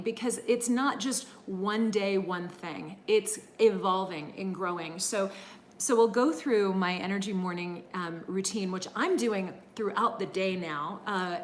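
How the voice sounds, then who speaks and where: A middle-aged woman with a medium-pitched voice teaches a live-streamed energy healing class, chatting warmly, greeting viewers by name and using many fillers. A little hiss or hum is audible.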